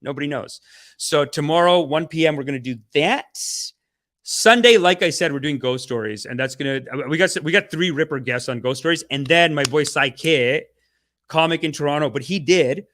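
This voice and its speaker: Hyped-up bright-voiced male podcast host. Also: a little high, normal speed. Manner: energetic, slangy hype talk with big swings in loudness; playful mock-spiritual preaching. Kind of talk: livestream podcast chat.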